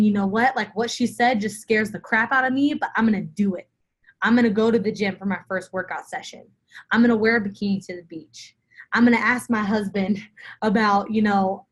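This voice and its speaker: A young woman speaks straight to camera in a live motivational video, coaching her weight-loss group. Her voice sits at an ordinary middle pitch, and she talks with emphatic conviction, hammering home short repeated phrases. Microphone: phone or camera for a live video.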